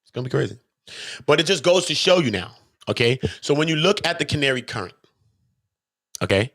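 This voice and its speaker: Animated man ranting to his viewers. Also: fairly quick, pauses often, dry recording, clean studio sound. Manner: emphatic, preachy, full of rhetorical questions; swings between loud bursts and low mutters. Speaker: channel host. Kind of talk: unscripted monologue to viewers.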